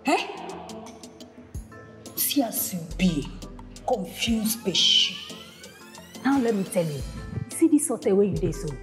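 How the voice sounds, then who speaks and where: A woman's voice: medium pitch, roomy sound, natural voice. A woman playing a scolding Nigerian Pidgin-speaking woman. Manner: scolding, mocking. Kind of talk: comedy skit acting.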